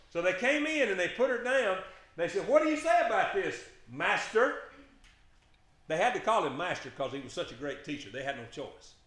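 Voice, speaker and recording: A man's voice: high voice, sharp tone. A man preaching a sermon, impassioned and emphatic, firing off rhetorical questions to his congregation. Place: church sanctuary. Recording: echoey church sanctuary.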